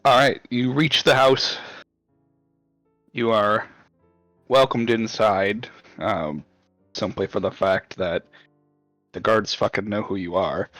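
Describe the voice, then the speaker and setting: A man narrating a tabletop role-playing game as game master, unhurried and with frequent ums. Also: fairly low pitch, fairly bright tone, no room sound, faint music behind.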